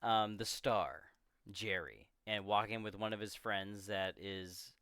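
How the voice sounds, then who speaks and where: A young man co-hosting a casual movie discussion, rambling and swearing freely as he acts out scenes in quick voices. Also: fairly low pitch, bright, forceful tone, clean tone, dry recording, clean studio sound. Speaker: podcast co-host.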